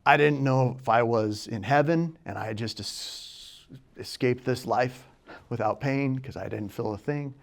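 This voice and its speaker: A young man telling a personal story, moving from hushed and quiet to loud and excited. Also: medium pitch, unhurried, gravelly. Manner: quiet and hushed in places, then loud and excited, acting out shouts.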